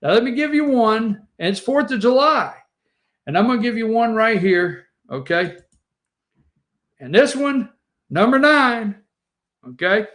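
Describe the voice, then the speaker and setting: A man's voice: high-pitched, a bit bright. A man hosting a morning show, telling rambling family stories over old photos and chatting straight to his viewers.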